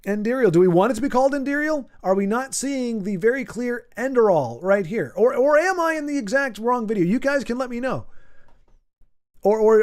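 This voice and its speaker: Male livestream host, casual chat, rambling, stumbles a lot, slightly high voice. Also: a little mellow. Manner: rambling, self-deprecating, stumbles and restarts often.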